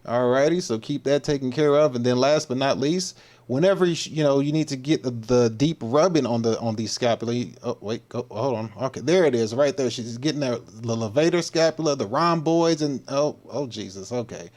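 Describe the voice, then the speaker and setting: A man's voice: medium pitch, a little fast, darkish tone. A man from Texas, hosting a fitness livestream in a playful, joking manner with loose, repetitive slang. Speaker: fitness coach, livestream host.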